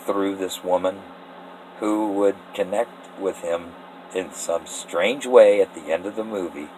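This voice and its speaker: An earnest man from Eastern Washington talks through his story idea in a loose, rambling way, his low voice full of feeling. He laughs between thoughts and sometimes sounds moved. A faint background hum sits under his voice. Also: a little mellow, low-quality recording. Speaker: amateur story pitcher. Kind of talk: casual spoken story pitch.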